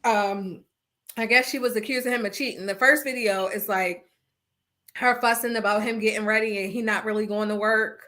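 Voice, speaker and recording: A woman's voice: medium pitch, moderate pace. A woman hosting a podcast in casual chat over an internet call, telling stories with animation and acting out what people said. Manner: animated storyteller who acts out quotes. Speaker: podcast host. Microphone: remote call over the internet.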